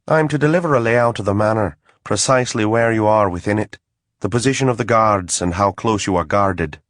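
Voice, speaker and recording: A man's voice: lowish voice, fairly quick, fairly bright tone, no echo, clean studio sound, voice pushed up, lightly acted. A man reading an audiobook, voicing a nervous male informant who hedges anxiously. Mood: uneasy. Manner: anxious, hedging.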